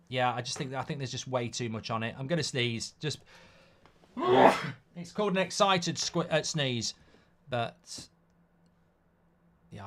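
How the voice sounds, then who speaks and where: A man's voice: medium pitch, fairly bright tone. A middle-aged man, hosting a live football watchalong in a chatty way and reading out viewer comments. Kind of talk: casual live-stream chat.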